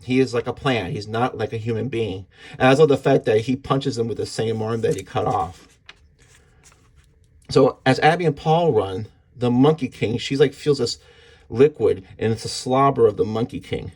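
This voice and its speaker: A man's voice: mid-range voice, moderate pace, darkish tone, slightly rough. A man casually and enthusiastically recapping a comic book issue, acting out the characters' lines as he goes. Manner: enthusiastic, retelling panels with voices.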